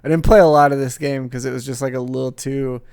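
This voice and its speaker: Young man, podcast host, casual gaming chat, rambling, smooth clear voice, dry recording. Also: medium pitch, steady tone, quick pace, a little mellow, dry recording. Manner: rambling, swears, laughs often.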